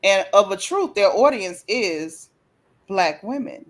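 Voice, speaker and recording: A woman hosting a casual gossip chat, speaking in a relaxed, encouraging way. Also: medium pitch, takes it slowly. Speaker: host.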